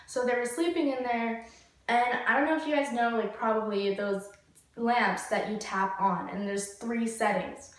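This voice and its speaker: A young woman telling a story casually, rambling, full of "like" and swearing. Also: medium pitch. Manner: rambling, heavy use of "like" and swearing. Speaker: vlogger. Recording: very echoey room, distant mic.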